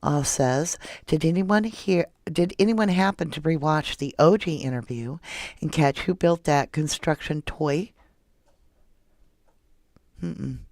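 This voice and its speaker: Her voice sits low and darkish, moving at a slow pace with no room sound. She runs a casual true crime livestream from home, reading out chat comments and offering blunt, opinionated responses.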